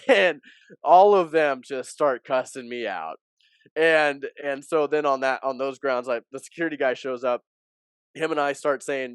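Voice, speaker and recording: A man's voice: medium pitch, normal speed, clean tone, no room sound, clean studio sound. A man, an athletic director, telling a story in an interview and animatedly acting out what people said. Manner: animated storyteller who acts out quoted dialogue.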